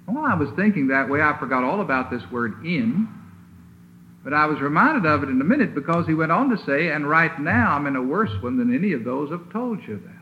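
Emphatic preacher on a tinny old recording. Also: male voice, a little high, sing-song. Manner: emphatic, deliberate, stresses single words. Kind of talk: sermon. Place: chapel. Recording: tinny lo-fi old sermon recording with faint hiss.

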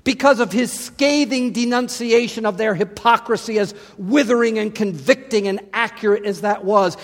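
Man preaching, real high voice, gets loud and dramatic, big echoey church sound. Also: normal speed, hardly any pauses. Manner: dramatic, rising to loud emphatic quotes. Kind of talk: sermon. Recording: long hall reverb.

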